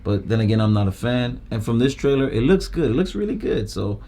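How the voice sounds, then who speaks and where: Casting: male co-host, lively pitch swings, relaxed and blunt. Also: fairly quick. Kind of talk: casual trailer reaction chat.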